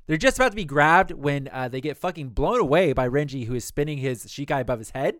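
A man co-hosting a podcast, rapidly retelling a story in casual chat and swearing freely. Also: a little high, lively intonation, a bit bright, dry recording, studio quality. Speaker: podcast co-host recapping an episode.

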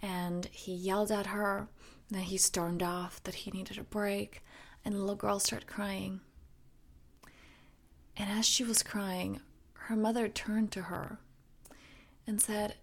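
A woman in her thirties hosting her own podcast, talking reflectively and softly, often dropping close to a whisper. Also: medium pitch, little pitch movement, slow, long pauses. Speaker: podcast host and coach. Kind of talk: reflective solo podcast talk.

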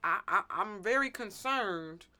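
A woman's voice: mid-range voice, measured pace. A woman hosting a podcast, chatting casually and laughing often as she tells stories. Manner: animated, laughs often, repeats words. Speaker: podcast host. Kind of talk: casual chat.

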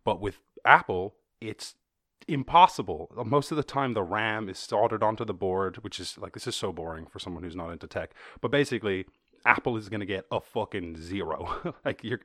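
An Irish podcast host riffs on news stories with casual, profane commentary, joking asides and sarcastic put-on voices. His voice is fairly low with a fairly bright tone, recorded clean in a studio with no room sound.

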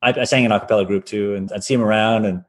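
A man in his forties, a violinist guest telling anecdotes in a loose, animated way, with lots of "like" and acted-out quotes. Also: lowish voice, racing. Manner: animated, acts out quoted voices, many fillers. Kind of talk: casual anecdotal storytelling.

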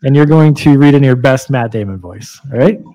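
A man's voice: mid-range voice, a little fast, dark tone. A man hosting a casual podcast, laughing often and repeating himself as he talks. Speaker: podcast host. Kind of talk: casual chat.

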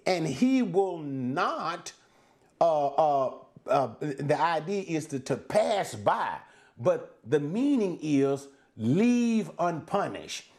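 A man preaching through a Bible passage in a sermon for a podcast. His voice sits a little high and rises and falls widely, and he speaks slowly. He asks rhetorical questions and answers them himself, and he restarts words as he goes. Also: a little mellow.

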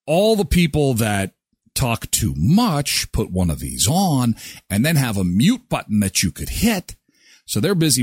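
A man's voice: mid-range voice, husky, no room sound, studio quality. A man hosting a daily morning show, chatting casually and telling jokey stories. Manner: chatty, jokey, animated storytelling. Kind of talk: casual radio show chat.

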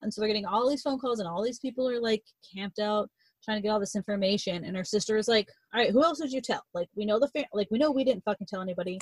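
A woman's voice: medium pitch, quick pace, dry recording, rough recording. A young woman in casual chat, retelling a novel's plot in a rambling way, swearing freely and acting out the characters' lines.

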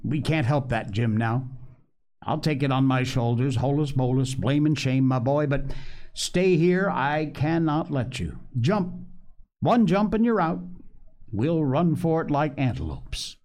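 A man's voice: mid-range voice, steady tone, moderate pace, dark tone, natural voice. A man voicing an earnest older ship's doctor, stern yet kindly, with urgent pleading bursts.

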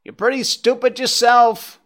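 A bitter old crow hen, loud and scolding, her voice pitched up high and swinging widely through each line, as a man reads her in a storybook. She sounds sour and weary of the forest's foolishness. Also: animated, measured pace.

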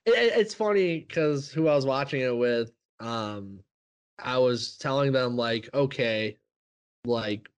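A man hosting a podcast in casual chat, excitable and easily fired up. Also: measured pace, smooth. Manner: excitable, swings into loud high yelps when excited. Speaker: podcast host.

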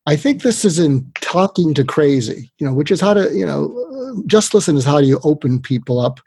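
An older man, a guest expert, giving communication advice in a lively conversational way, acting out quotes as he goes. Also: on the high side, a little fast, husky, dry recording. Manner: animated, tells tips with acted-out quotes. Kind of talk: conversational interview.

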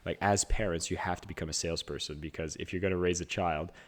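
A man's voice: low-pitched, fairly even intonation, fast. A man talking casually on a video call, coaching others in an earnest, searching way with many fillers. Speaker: business coach.

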